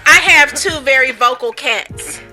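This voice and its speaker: A woman's voice: high voice, unhurried, pushed and bright, faint music behind, low-quality recording. A woman hosting a casual chat, talking about her pets with lots of laughter. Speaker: podcast host.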